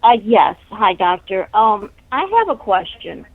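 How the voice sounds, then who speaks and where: Over a tinny, dry phone line, a woman calls in short of breath, rambling earnestly through a description of her symptoms. Her mid-range voice is gravelly and expressive, a little slow, with no echo.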